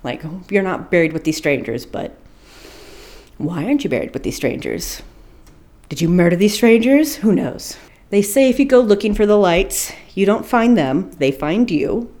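A woman's voice: mid-range voice, very animated, moderate pace, darkish tone. A woman co-hosting a podcast, telling a spooky story in a rambling, casual way, swearing and laughing at her own slips. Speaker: podcast co-host.

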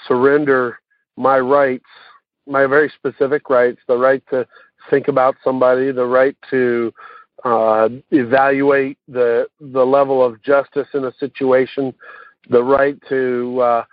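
A man's voice: mid-range voice, no room sound. Man sharing his story over a tinny phone line. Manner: halting, many fillers and restarts. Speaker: recovery meeting speaker. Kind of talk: personal recovery share. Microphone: phone call.

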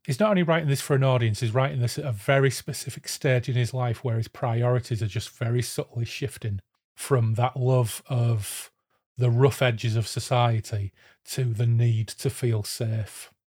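A man's voice: mid-range voice, steady tone, moderate pace, darkish tone, breathy edge. A man talking over a book in a casual podcast, fluent and reflective with a wry edge. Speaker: podcast guest.

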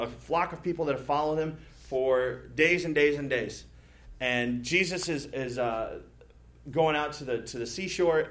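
A male pastor preaching a sermon in a conversational, playful way, with frequent asides, rhetorical questions and quick shifts into imagined voices. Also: on the high side, fairly bright tone. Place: church stage.

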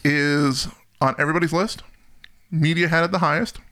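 A man's voice: fairly high pitch, fairly even intonation, moderate pace, pushed and bright, clean tone. A man co-hosting a podcast in casual chat, chatty and laughing often. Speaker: podcast co-host.

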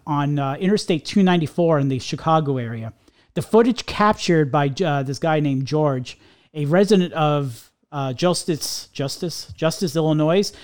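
A middle-aged man co-hosting a podcast, ranting casually and rambling with lots of restarts. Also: on the high side. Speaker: podcast co-host.

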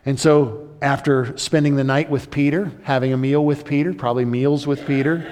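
A man preaching a sermon, retelling a scripture story in an explanatory, animated way. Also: mid-range voice, moderate pace. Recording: long hall reverb.

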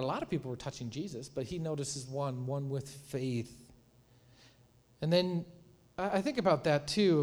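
A man preaching a sermon in a conversational, animated way, retelling stories and acting out quotes. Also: on the high side, big-room sound. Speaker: pastor.

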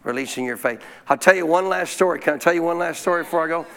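A male pastor telling a story in a sermon, folksy and animated, often clearing his throat. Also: fairly high pitch, rapid-fire.

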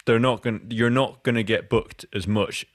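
A man's voice: medium pitch, steady tone, normal speed, no room sound, studio quality. A Scottish man hosting a podcast interview, talking in a loose, rambling way with many restarts. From Scotland. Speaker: podcast host. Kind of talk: casual interview chat.

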